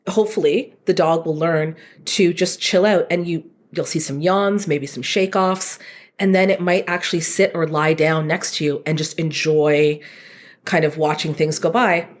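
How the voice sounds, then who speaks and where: A woman guest with a slightly low voice explains dog training in a casual conversation. She is animated and explanatory, often breaking into playful asides. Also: normal speed. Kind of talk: casual chat.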